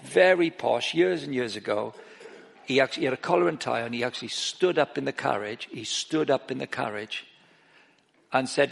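A middle-aged man preaching an informal sermon, breaking off and restarting his sentences and growing animated as he tells stories. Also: medium pitch, normal speed, creaky, slightly rough. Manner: informal, self-interrupting, grows animated while telling stories. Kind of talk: sermon with anecdotes. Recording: long reverb of a large hall.

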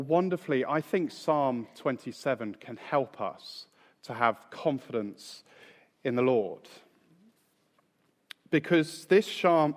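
A man preaching a sermon in a measured, emphatic way, slowing down to stress key phrases. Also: fairly high pitch. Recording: long reverb in a large hall.

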